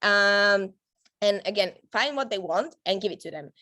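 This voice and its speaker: Her mid-range voice sounds pushed and bright, with lively intonation at a normal speed and no echo. She is a woman training her network marketing team in a chatty, upbeat way, laughing often and using many fillers and restarts.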